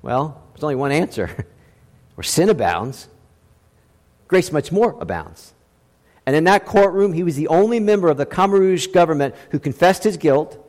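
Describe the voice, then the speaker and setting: A middle-aged man preaches a sermon, driving his points home by repeating phrases and moving between hushed lines and raised ones. His voice sits high for a man. The church sanctuary around him rings with a long reverb tail. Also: very animated, moderate pace. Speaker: pastor.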